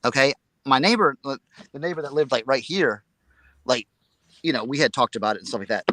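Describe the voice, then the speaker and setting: A man co-hosting a casual live chat, telling a story in an excitable, rambling way and repeating his words. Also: mid-range voice, a little fast, no echo. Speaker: reseller show co-host.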